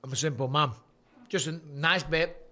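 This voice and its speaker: A man's voice: on the high side, fairly even intonation, normal speed, sharp tone. A man in his forties hosting a casual fight-night livestream, boisterous and jokey, swearing freely. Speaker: livestream host.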